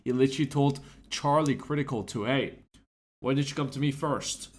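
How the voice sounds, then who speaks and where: A man giving a sarcastic, indignant commentary rant as a YouTuber, his pitch jumping up for emphasis. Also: normal speed.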